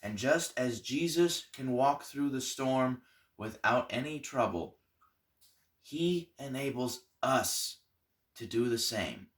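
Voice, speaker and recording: A male pastor telling a Bible story as a Sunday school lesson, animated and then dropping to soft tones for emphasis. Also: mid-range voice, slow.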